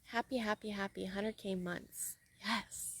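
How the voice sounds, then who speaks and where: A woman's voice: unhurried, breathy edge. A woman coaching viewers in a masterclass, gushing and repetitive, full of "like" and "okay", outdoors in the hot sun. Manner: gushing, swings into high excited squeals; repeats herself, lots of "like" and "okay". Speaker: money coach.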